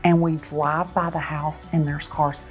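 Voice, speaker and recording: A woman who sells real estate, telling a dramatic story in an expressive way. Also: sits low, a little slow, faint music behind. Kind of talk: animated storytelling.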